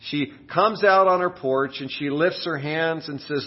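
A man preaching a sermon while getting over a cold, his voice sitting a little high. He tells his story with big acted-out exclamations. The recording is dull and lo-fi. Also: unhurried, few pauses. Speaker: pastor.

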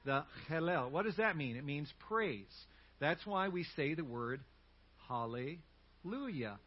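A man's voice: a little high, animated, normal speed, husky, muffled recording. A male pastor preaching a sermon with animation and leading the congregation in call-and-response. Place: church sanctuary.

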